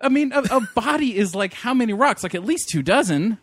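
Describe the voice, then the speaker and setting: A man's voice: extremely high pitch, lively intonation, fairly quick, fairly bright tone, dry recording. A man co-hosting a podcast, chatting about a movie in a hesitant, jokey way with many fillers. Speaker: podcast co-host. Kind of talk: casual movie chat.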